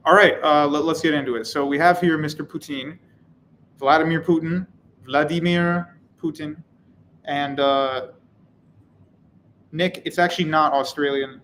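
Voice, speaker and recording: A man's voice: mid-range voice, a bit bright, slight background noise, low-quality recording. A man hosting a live stream, reading chat comments and answering in a casual, wry, rambling way. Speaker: channel host.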